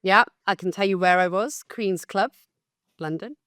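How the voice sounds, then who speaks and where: A woman in her fifties, a guest on a podcast interview, telling her career story in a candid and animated way. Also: mid-range voice, normal speed, no echo, clean studio sound. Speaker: guest, facilitation business founder.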